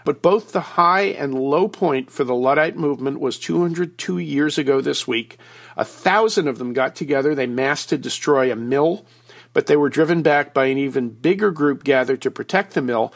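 A man with a slightly raised pitch, calling in by phone as a regular commentator. He explains things in a folksy, joking way, with asides to the host. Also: moderate pace. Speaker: regular guest commentator, publisher. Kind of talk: conversational explainer. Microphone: phone line.

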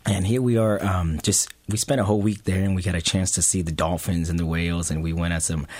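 A man with a deep, low voice tells a personal family story to an audience. His delivery is earnest and halting, full of small restarts. The sound is close and dry. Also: fairly even intonation, darkish tone, no room sound.

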